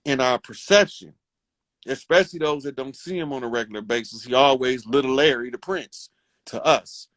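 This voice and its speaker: A man's voice: mid-range voice, normal speed, a bit bright, no echo. A man giving a casual, preachy monologue to his community, fervent and profane as he lectures his listeners. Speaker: online speaker addressing his community.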